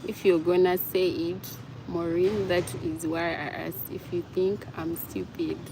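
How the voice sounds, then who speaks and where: Woman livestream host, slow easy chat, low-ish pitch, noisy roadside. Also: fairly even intonation. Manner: apologetic, chatty, reads comments aloud. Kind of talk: casual livestream chat with viewers.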